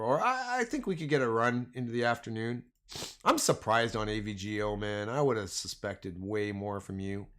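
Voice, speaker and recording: A Canadian man with a Canadian accent giving casual, slangy live market commentary to his chat. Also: fairly low pitch. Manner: slangy, animated, addresses chat as man and boys. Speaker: stock trading livestreamer.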